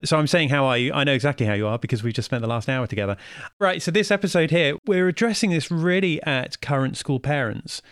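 A man's voice: on the high side, fast talker, fairly bright tone, smooth, no echo, clean studio sound. A man hosting a podcast, chatting casually and asking questions with friendly, self-aware asides. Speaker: podcast host.

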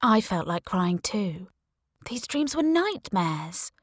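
A woman narrating a thriller audiobook in the first person, slow and deliberate, shifting expressively between scenes. Her voice sits in a mid register. The recording is dry and close, with no room sound. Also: mid-range voice, very animated, no room sound.

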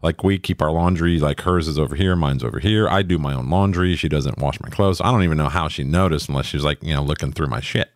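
A man's voice: extremely low pitch, fast, hardly any pauses, no echo. A middle-aged man, co-host of a podcast, telling stories in a blunt, profane, casual way. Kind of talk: casual chat.

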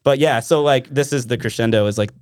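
Brief: a quick, rambling male podcast guest from Alaska, dry mic. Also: medium pitch, no room sound. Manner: animated, rambling, self-interrupting. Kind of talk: casual storytelling.

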